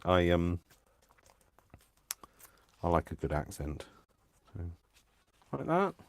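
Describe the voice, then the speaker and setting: A man's voice: low voice, level tone, slow pace. A man hosting a live crafting stream, chatting playfully and giggling as he works. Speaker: craft channel host. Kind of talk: casual live-stream chat while crafting.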